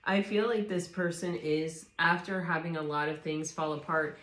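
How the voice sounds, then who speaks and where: Lower-voiced woman giving a rambling tarot reading. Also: fairly even intonation, normal speed, a bit bright. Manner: rambling, reflective, restarts sentences often. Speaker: tarot reader. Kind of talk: casual spoken tarot reading. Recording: roomy echo.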